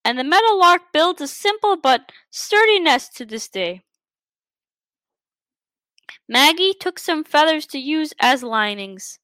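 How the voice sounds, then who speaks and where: A woman's voice: high-pitched, sing-song, slow pace, long pauses, a bit bright, dry recording. A woman reading a children's storybook aloud, carefully, with frequent stumbles and restarts. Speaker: story reader.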